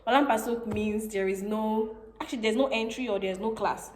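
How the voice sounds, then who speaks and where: A woman's voice: on the high side, fairly even intonation, a little fast, a little mellow, a little hiss or hum. A young woman from Nigeria hosting a casual chat and laughing often. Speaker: vlogger host. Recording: echoey room.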